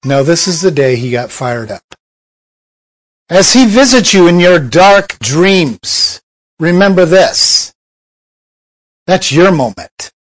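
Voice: medium pitch, very animated, slow, long pauses, low-quality recording. A preacher giving a sermon in a conversational way, asking many rhetorical questions.

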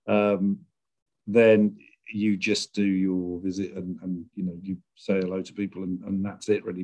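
A middle-aged screenwriter with a deep voice talks in a conversational interview. He's reflective and measured, searching for what to say.

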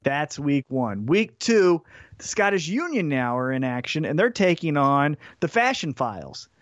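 A man's voice: on the high side, big pitch swings, unhurried, no room sound, muffled recording. A man co-hosting a podcast, telling a story in casual chat and acting out the quotes in put-on voices. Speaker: podcast co-host. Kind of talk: casual chat recapping wrestling.

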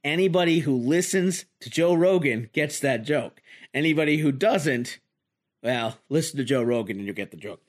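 A man in his forties hosting a podcast, giving a rambling, self-deprecating comedic monologue. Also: on the high side. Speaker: podcast host.

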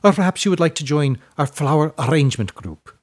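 A plump, cheerful old widow, as a male storyteller puts her on, gushing with rolled R's and a lively, swooping voice. She pitches high and speaks loud and eager. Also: fairly quick. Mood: bossy cheerful.

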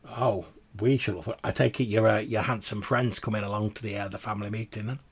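A man's voice: lowish voice, fairly even intonation, quick pace, vocal fry, slightly rough, pitched above the performer's own voice. A man voicing a proud, courteous old female vampire crone who speaks formally and often repeats words. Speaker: game master.

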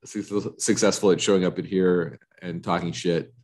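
A man's voice: low voice, fairly even intonation, normal speed, darkish tone. A man hosting a casual solo podcast, rambling in self-mocking repetitive riffs, a bit congested and froggy from allergies. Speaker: podcast host. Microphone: studio microphone.

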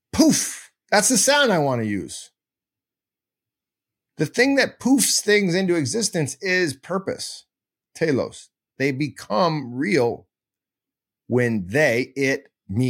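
A man hosting a podcast, teaching in a casual, digressive and self-mocking way, breaking into goofy sound effects. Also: medium pitch. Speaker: podcast host.

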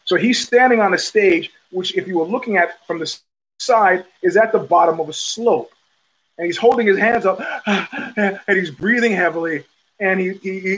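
A man's voice: high voice, fairly bright tone, low-quality recording. A middle-aged man hosting a podcast, talking in a profane, rambling casual monologue full of restarts. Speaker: podcast host.

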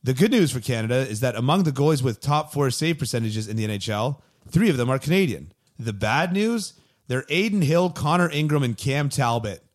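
A man's voice: mid-range voice, expressive, a little fast, hardly any pauses. A man co-hosting a podcast in casual chat, talking in a wry, analytical way with dry jokes. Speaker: podcast co-host.

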